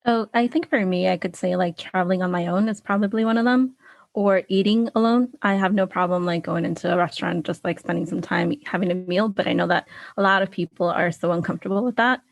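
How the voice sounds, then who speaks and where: A woman's voice: lowish voice, fast talker, gravelly, no echo. A woman who is a life coach, chatting as a podcast guest in an upbeat way. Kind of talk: casual interview chat.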